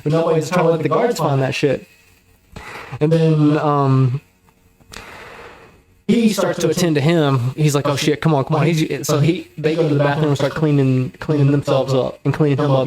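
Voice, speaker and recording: A man guest on a podcast, telling a story in a casual, animated, slang-heavy and profane way. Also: on the high side. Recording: roomy echo.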